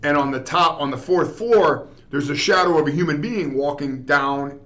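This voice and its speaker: Rambling, fairly high-voiced male guest. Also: normal speed, fairly bright tone. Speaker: guest actor. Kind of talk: casual storytelling chat.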